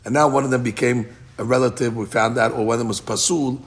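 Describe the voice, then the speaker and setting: Gravelly man teaching a Talmud class. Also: medium pitch, steady tone, quick pace. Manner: explains in English with Aramaic quotes, many restarts.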